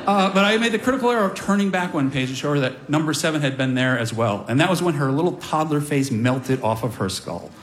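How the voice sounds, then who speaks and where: A man's voice: a little high, lively intonation, quick pace, hardly any pauses, slight background noise. A middle-aged man telling a comic personal story on stage to a live audience, with wry, self-deprecating asides.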